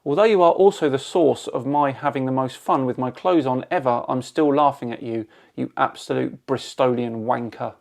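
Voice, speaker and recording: A man's voice: medium pitch, normal speed, gravelly, hardly any pauses, a little mellow. A man from England hosting a channel, reading hostile viewer comments aloud with dry, sarcastic replies.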